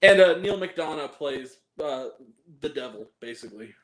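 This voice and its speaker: A man's voice: a little high, expressive, normal speed, fairly bright tone, reverberant. A man hosting a movie review podcast, chatting casually in a rambling, profane way, full of fillers and giggles. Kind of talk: casual chat.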